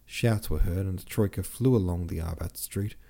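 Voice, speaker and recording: A man narrates a classic novel for his podcast in a steady, measured manner. His voice is low and mellow, unhurried and even. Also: creaky. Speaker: audiobook podcast host.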